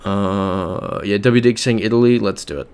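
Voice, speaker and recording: A young man with a low voice and an American accent chats casually on a live stream. He mutters guesses to himself and reads viewer messages aloud in an easy, rambling way. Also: moderate pace, darkish tone, clean tone. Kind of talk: casual live-stream chat while playing a geography game.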